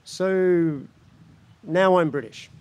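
Man from Australia, slow spoken-word talk, higher voice, laughs between lines. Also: a little mellow, smooth. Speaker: speaker at a gathering.

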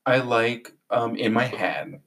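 A woman hosting a casual chat with friends, opinionated and quick to laugh. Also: very deep voice, a bit bright. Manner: chatty, opinionated, laughs often.

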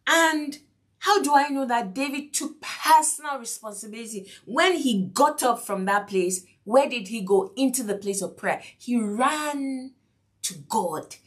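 A woman's voice: fairly high pitch, animated, measured pace. Emphatic woman preacher. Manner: emphatic, repeats key lines, asks the listeners questions, acts out quotes. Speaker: preacher and teacher. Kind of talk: sermon lesson.

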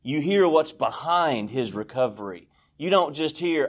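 A man's voice: fairly high pitch, animated, a little slow, few pauses. A man speaking candidly and at length as the speaker at a recovery meeting in a church, rambling and confessional. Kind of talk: personal share at a recovery meeting.

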